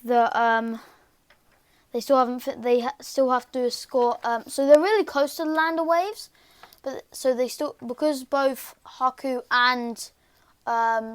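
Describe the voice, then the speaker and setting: A woman casually retelling a fan story in a rambling, halting way, full of fillers and restarts. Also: sits high.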